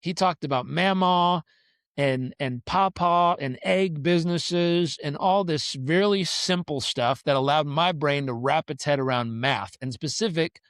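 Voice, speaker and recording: A man tells his story as a podcast guest, his voice sitting a little high. He is animated and acts out the people in his stories. The sound is dry and close, with no room around it. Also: a little slow, clean tone, dry recording.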